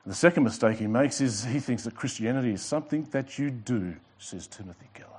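A man's voice: medium pitch, a little mellow, husky. A male pastor preaching a sermon with emphatic delivery, repeating and underlining his words. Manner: emphatic preaching with pauses and repetitions.

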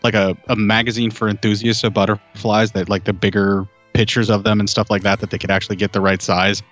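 A man with a fairly low voice talks through a film in an easy, rambling way, padding his sentences with little fillers. Faint music sits quietly under the talk. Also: flat delivery, a little fast, dull audio. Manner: talkative, fills with "like" and "you know". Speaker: film podcast co-host. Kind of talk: casual film discussion.

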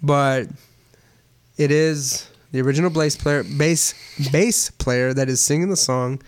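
A man's voice: a little high, measured pace, slight background noise. A man hosting a casual chat with friends, talking loosely and chuckling, a bit loose after a few beers. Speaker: podcast host running a song countdown.

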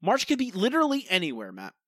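A man's voice: high voice, huge pitch swings, fast, fairly bright tone, dry recording. Podcast guy ranting, lots of "like", voice all over the place, dry close mic. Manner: exasperated, ranting, heavy on "like". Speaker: podcast co-host. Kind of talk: casual episode review chat.

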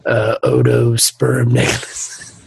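A man's voice: medium pitch, monotone, slow pace, gravelly, noisy background. A man co-hosting a podcast, chatting casually and crudely about a TV episode, laughing often. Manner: laughing, joking, crude humor. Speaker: podcast co-host.

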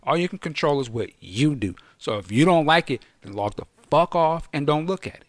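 A middle-aged man telling a story in casual podcast chat, slangy and swearing, acting out the quotes loudly. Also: fairly high pitch, lively intonation, brisk, no echo.

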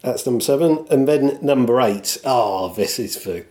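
A man co-hosts a podcast, mixing casual chat with a scripted segment in a mid-range, slightly mellow voice at normal speed. He's animated, quotes lines in put-on voices, and chuckles at himself.

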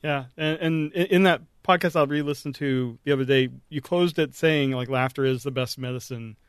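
A man hosting a podcast interview, asking questions in a relaxed, conversational way. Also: mid-range voice, moderate pace, clear, resonant tone, no echo, clean studio sound. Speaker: podcast host. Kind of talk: casual interview.

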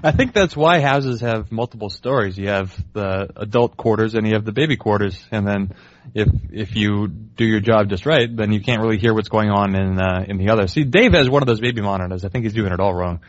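Young male co-host, dry wry banter, mid-pitched, dead-dry and a bit dull in tone. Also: a little fast, dry recording. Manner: dry, wry, rambling riffs. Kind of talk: casual banter.

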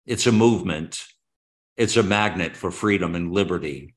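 A man with a very low voice hosts a talk radio show. He speaks with fervent, patriotic passion, circling back and restarting his sentences as he goes. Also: moderate pace. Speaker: radio host.

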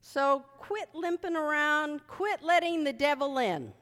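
Woman preacher, high lively voice, unhurried, bright, echoing hall. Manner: animated, shouting commands at spirits, then chatty storytelling with asides. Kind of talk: sermon. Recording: reverberant hall.

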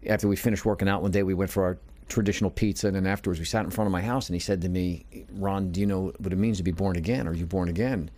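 A middle-aged man with a very low, deep voice talks quickly and earnestly. He tells his story with animation and acts out the lines of the people he quotes, like a seasoned motivational speaker. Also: steady tone, a little mellow. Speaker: guest, motivational speaker and business coach. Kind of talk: conversational storytelling.

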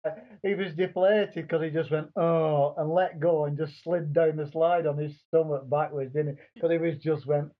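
A man's voice: on the high side, fairly even intonation, moderate pace, hardly any pauses, narrow, tinny audio. A middle-aged man, co-hosting a podcast and telling stories bluntly with British slang. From England. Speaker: podcast co-host. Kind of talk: casual chat.

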